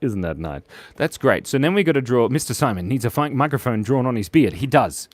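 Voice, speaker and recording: A man's voice: mid-range voice, big pitch swings, fairly quick, no echo. A man hosting a live drawing stream in a playful, chatty, jokey way. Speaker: host and illustrator.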